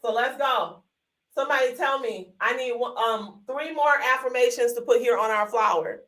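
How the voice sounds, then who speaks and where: A woman's voice: fairly high pitch, moderate pace, a bit bright, recorded from a distance, poor audio. A woman hosting a live online workshop, chatty and encouraging, full of y'all, calling viewers honey and sugar into a desk microphone. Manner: folksy, uses y'all often. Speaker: workshop host.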